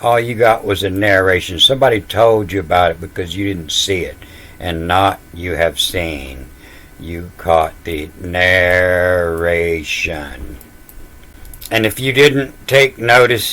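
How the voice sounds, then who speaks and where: A man's voice: low-pitched, a bit bright. A man giving a casual explanatory lecture on scripture words, spelling out letters one by one in a confident, dismissive way. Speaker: self-taught scripture reader.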